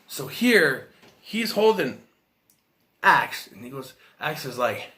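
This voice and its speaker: A man's voice: on the high side, very animated, slow pace, sharp tone. A man giving a casual, rambling film review, retelling scenes and quoting characters, with frequent restarts and fillers. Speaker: movie reviewer.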